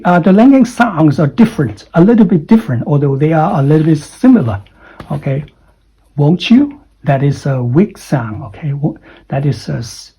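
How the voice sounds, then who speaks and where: A man's voice: on the high side, warm tone, slightly rough, dull audio. A man teaching English pronunciation, explaining and repeating example phrases with many fillers. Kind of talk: online English pronunciation lesson.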